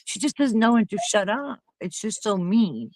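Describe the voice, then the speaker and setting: A woman's voice: medium pitch, expressive, moderate pace, darkish tone, dry recording, low-quality recording. A woman hosting a casual chat with friends, talking in an indignant, emphatic way.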